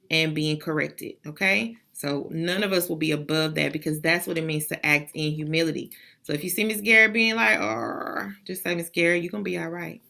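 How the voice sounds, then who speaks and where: A woman's voice: lowish voice, sharp tone. A woman school principal giving a motivational address to students and staff over a video call, emphatic and repetitive like a preacher.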